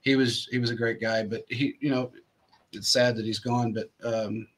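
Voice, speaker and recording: A man's voice: medium pitch, little pitch movement, moderate pace, slightly rough. A male host telling rambling sports anecdotes in casual chat, full of fillers and restarts.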